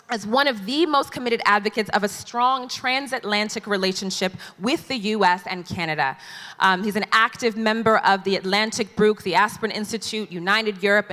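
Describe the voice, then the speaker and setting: Bright-voiced woman moderating a panel. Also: mid-range voice. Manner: chatty, playful with guests. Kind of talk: live panel introductions. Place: large conference hall stage. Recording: long hall reverb.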